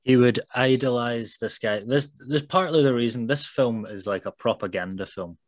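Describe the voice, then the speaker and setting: A man's voice: medium pitch, normal speed, no room sound. A man guesting on a podcast, talking through a film in a thoughtful, casual way and leaning on "you know".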